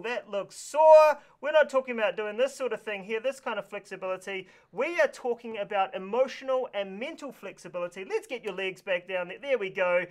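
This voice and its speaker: A man presenting a live kids' lesson from New Zealand with a New Zealand accent, excitable and full of exaggerated reactions. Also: high voice. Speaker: kids show presenter. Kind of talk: energetic live kids lesson. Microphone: live stream mic.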